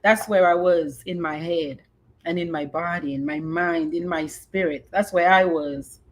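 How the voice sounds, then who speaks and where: Woman in her 50s hosting a podcast, talks really slow and expressive, mixes in creole bits. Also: fairly low pitch. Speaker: podcast host. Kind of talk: reading a personal memoir, then casual chat.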